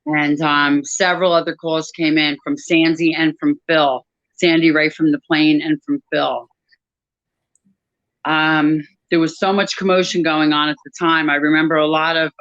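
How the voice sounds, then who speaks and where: A woman giving a personal testimony about her work at an airline crew desk, talking in a halting way with many pauses and restarts. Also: low-pitched, fairly bright tone, dry recording, highs cut off.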